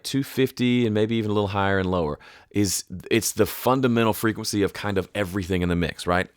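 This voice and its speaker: Male tutor, deep voice, dry close sound; chatty home-studio mixing walkthrough, self-correcting asides. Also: no room sound. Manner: chatty, self-correcting, explains with sung hoots. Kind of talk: casual screen-share tutorial.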